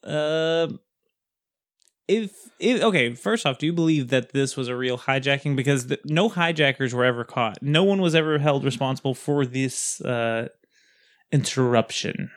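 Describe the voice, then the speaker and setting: A man's voice: medium pitch, normal speed. A man hosting a podcast in casual chat, rambling with many fillers and frequent laughs. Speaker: podcast host.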